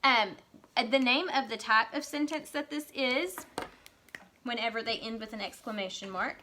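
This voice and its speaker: A young woman with a bright, fairly high voice teaches a children's writing lesson. She talks slowly and clearly, like a classroom teacher, and reads the example sentences aloud with a lively, excited voice. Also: slight background noise.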